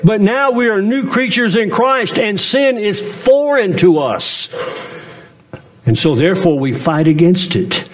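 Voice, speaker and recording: A male pastor preaching a sermon in an earnest way, asking his congregation questions. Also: high-pitched.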